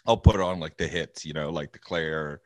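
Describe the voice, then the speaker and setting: A man's voice: very deep voice, normal speed. A young man co-hosting a podcast, rambling and self-mocking in casual chat. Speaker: podcast co-host.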